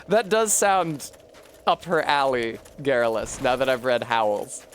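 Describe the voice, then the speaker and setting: A man's voice: medium pitch, a little slow, a little hiss or hum. A man streaming a video game, rambling through profane, joking retellings of a book. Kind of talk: casual gameplay chat.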